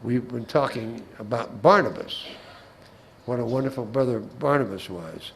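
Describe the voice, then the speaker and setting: A man's voice: medium pitch, lively intonation, moderate pace, vocal fry, a little hiss or hum, rough recording. A man giving a Bible class talk in a folksy way, with humorous anecdotes and asides, often repeating words as he restarts a phrase.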